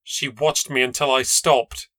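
A man's voice: mid-range voice, flat delivery, measured pace, a bit bright, no echo. A man narrating a first-person ghost story with a tense, dramatic delivery. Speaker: podcast narrator.

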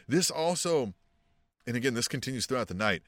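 An excitable man in casual podcast chat who swears often and jumps into higher voices to act out quotes. His pitch is lively and wide-ranging. The sound is close and dry, with no room around it. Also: brisk, no room sound. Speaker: podcast co-host.

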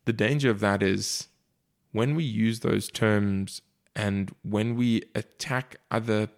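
A man in a casual book discussion, speaking in a measured, reflective way. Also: fairly low pitch, fairly even intonation, gravelly. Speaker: podcast co-host discussing a book.

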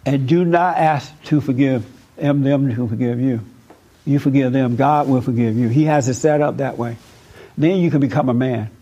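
A man's voice: medium pitch, moderate pace, mellow, highs cut off. A man giving spiritual counseling in an emphatic, preachy way, repeating words for stress.

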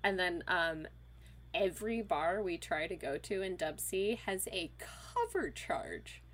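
A woman in her thirties, a podcast guest, telling a weekend story in a casual, animated way, full of fillers and quoted voices. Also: lowish voice, takes it slowly. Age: 30s.

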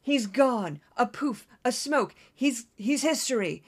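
A woman putting on the voice of a brash, imperious female news anchor turned politician, talking loud and slow. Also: fairly high pitch, lively intonation, husky, full character voice. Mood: bossy.

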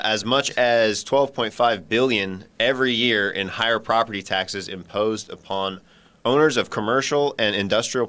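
A man's voice: lowish voice, pushed and bright. A man on a radio talk show panel with a wry manner who reads out his part steadily. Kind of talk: casual studio talk show.

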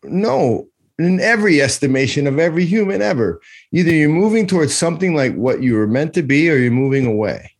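A man co-hosting a podcast, arguing in a joking, animated way and slipping into impressions. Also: on the high side, fairly quick. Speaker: podcast co-host. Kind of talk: casual debate chat.

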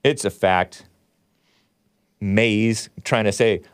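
Male call-in host, mocking and sarcastic, ordinary pitch, close dry studio mic. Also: lively intonation, a little slow, dry recording. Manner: sarcastic, mocking, reads headlines and scoffs. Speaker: radio talk show host. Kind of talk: call-in political talk show commentary.

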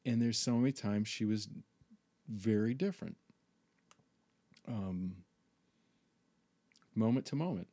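A man's voice: on the low side, takes it slowly, pauses often, dark tone. A man hosting a podcast, telling a personal story in a rambling, profane monologue full of fillers. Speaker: podcast host.

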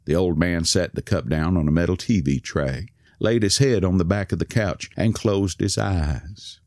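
A man with a low, deep voice reads a story aloud in a calm, measured way. The recording is dry and close, with no echo. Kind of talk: scripted narration.

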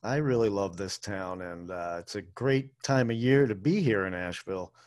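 A man's voice: on the low side, moderate pace, a little mellow. A man hosting a solo podcast, talking in a chatty, rambling, self-deprecating way with plenty of fillers. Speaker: podcast and radio host, food tour guide. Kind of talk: casual solo podcast monologue.

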